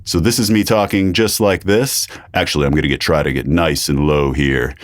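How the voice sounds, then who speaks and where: A man's voice: extremely low pitch, moderate pace, no echo. A man hosting a casual microphone review in his home studio, repeating test phrases as he checks his levels. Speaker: YouTube host reviewing microphones. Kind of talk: casual gear review with mic tests. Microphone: studio condenser microphone.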